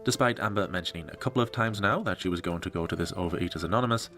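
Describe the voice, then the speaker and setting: A man's voice: deep voice, rapid-fire, fairly bright tone, soft background music. A man narrating a documentary in a scripted, dryly wry tone.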